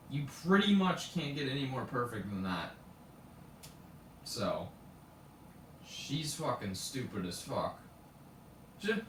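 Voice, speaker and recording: Teen guy ranting about school on stream, swears a lot, slightly high voice, echoey room, mic far off. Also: expressive, a little slow, pauses often, a little hiss or hum. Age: late teens. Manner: indignant, profane, storytelling with acted quotes. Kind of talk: ranting live stream monologue. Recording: roomy, from a distance, faint ambience.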